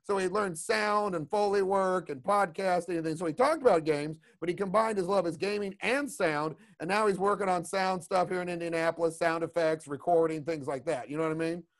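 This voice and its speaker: This man talks briskly in a high-pitched voice with hardly any pauses, teaching creature design on a video call. His rambling online class talk is loaded with asides and "you know what I mean."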